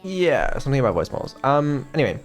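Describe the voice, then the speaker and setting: A man chatting casually on a stream as a developer, hesitant and filling pauses with ums, swearing now and then. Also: mid-range voice, sing-song, soft background music.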